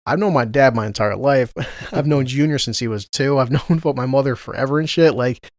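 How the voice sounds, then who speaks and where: A quick-talking man, telling a rowdy family story on a podcast. He swears freely and laughs often. His voice is close and dry, with no room around it. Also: medium pitch, a little mellow, no echo. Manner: profane, laughs often, acts out family quotes. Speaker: podcast co-host. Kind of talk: casual storytelling chat.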